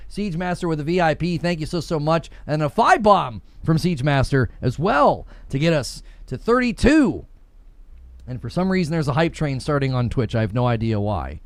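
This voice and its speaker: A young male gaming streamer mocks viewer comments as he reads them aloud, laughing frequently in a sarcastic tone. His voice is mid-range and the recording has no room sound.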